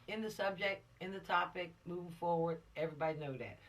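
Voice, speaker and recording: A man's voice: high-pitched, a little fast, few pauses, a bit bright, far from the mic. Emphatic man lecturing teens. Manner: emphatic, preachy, repeats points to drive them home. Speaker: law instructor for teens. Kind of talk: informal spoken lesson.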